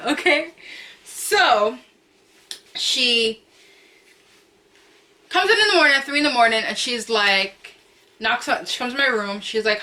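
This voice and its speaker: A young woman vlogging a storytime straight to camera from her room at home. Her voice is bright and a bit high, and her delivery is chatty and slangy. She repeats lines for emphasis and bursts into loud cries when acting out quotes. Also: takes it slowly, pauses often. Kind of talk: storytime vlog.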